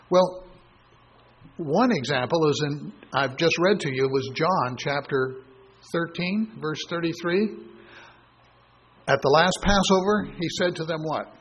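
A man giving a sermon as a Bible teacher. He reasons aloud through scripture, pauses on fillers and voices imagined objections. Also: fairly high pitch, muffled recording, slight background noise.

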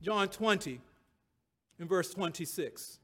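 A man's voice: high-pitched, lively intonation, takes it slowly, bright, forceful tone. A man preaching a sermon, reading scripture aloud and repeating key phrases and verse references, swelling to emphatic peaks.

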